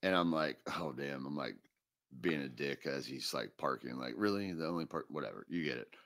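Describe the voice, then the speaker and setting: A man's voice: very deep voice, animated, a little fast, fairly bright tone. A man co-hosting a podcast, telling a long funny story in casual chat and laughing through the punchlines. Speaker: podcast co-host.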